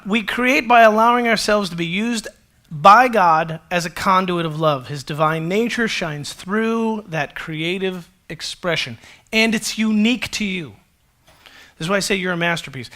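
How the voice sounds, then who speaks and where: Bright, high-voiced pastor preaching. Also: male voice, a little slow. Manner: conversational and animated, with self-deprecating humor. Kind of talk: sermon to a live congregation.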